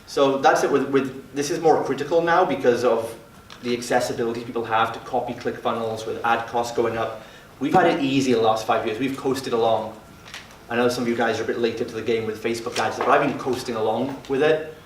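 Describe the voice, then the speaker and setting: A man's voice: medium pitch, fairly even intonation, a little fast, a little hiss or hum. A man leading a mastermind group for gym owners, talking in a brash and profane way. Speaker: fitness business mentor. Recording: roomy sound from a distant mic.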